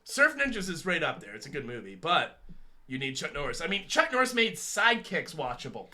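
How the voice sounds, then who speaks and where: His pitch swoops wildly, sitting a little high with a sharp edge, and he talks a little fast. He's a man in his thirties co-hosting a casual chat show, full of rambling jokes and frequent laughs.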